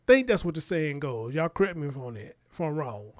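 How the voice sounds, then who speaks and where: Animated high-voiced man riffing to chat. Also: a little fast, hardly any pauses. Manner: animated, talks straight to chat. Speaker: livestream show host. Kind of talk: casual livestream commentary.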